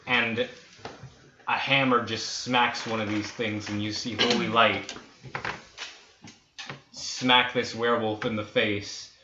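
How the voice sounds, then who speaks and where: A man running a tabletop game, narrating scenes in a hushed, dramatic way. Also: lowish voice. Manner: slow, hushed dramatic storytelling. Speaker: dungeon master. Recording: roomy, dull lo-fi with faint hiss.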